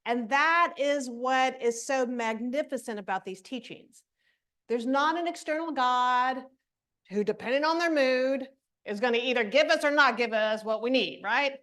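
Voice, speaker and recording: A woman's voice: sits high, normal speed, fairly bright tone. A woman minister giving a spiritual lesson in a conversational way, often checking in with "right?" and laughing easily.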